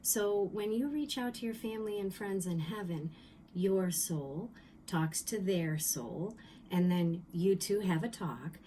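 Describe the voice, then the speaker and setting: A middle-aged woman giving a calm spiritual teaching talk, explaining slowly with repeats and the odd um. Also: medium pitch, slight background noise, poor audio. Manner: calm, repetitive explaining with ums.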